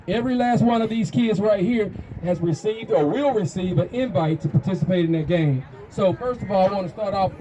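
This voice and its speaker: A man's voice: high-pitched, fairly quick, hardly any pauses, warm tone, slight background noise, poor audio. A man hosting a youth football show, interviewing players and coaches outdoors at a field with upbeat, punchy promoter's hype. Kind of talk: sideline interview after a game.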